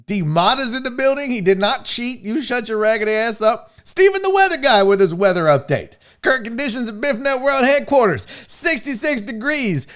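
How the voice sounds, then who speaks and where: Lively, joking man hosting a live stream. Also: extremely high pitch, moderate pace, hardly any pauses. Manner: animated, profane, joking with chat. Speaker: host of a live sports show. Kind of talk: casual live-stream chat.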